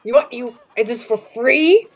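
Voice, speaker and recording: Woman player; high, casual and quick. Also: animated, husky. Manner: quick, stumbling questions. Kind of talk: casual tabletop game chat.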